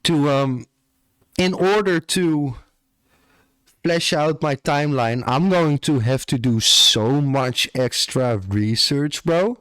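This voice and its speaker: A man's voice: on the high side, lively intonation, takes it slowly, fairly bright tone, clear, resonant tone. A young man with an Australian accent chatting casually on a live stream, swearing offhandedly and tacking "bro" onto his lines. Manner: laid-back, swears casually, often ends lines with "bro".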